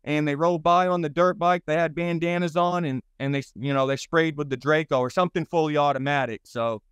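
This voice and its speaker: A man in his thirties with a Boston accent tells his stories bluntly and with a lot of swearing, often stopping and starting over. His voice is smooth and pitched a little high. The sound is dry and close, with no room around it. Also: steady tone, no echo. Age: 30s. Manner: blunt, rambling, profane, halting restarts. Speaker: guest. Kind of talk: interview storytelling.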